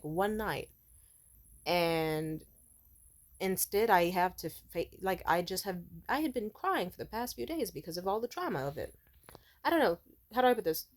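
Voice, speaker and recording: A young woman telling a story in a casual vlog, blunt and full of swearing. She rambles from one point to the next with plenty of fillers and restarts, at a middling pitch. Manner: frank, profane, rambling with many fillers. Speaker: vlogger.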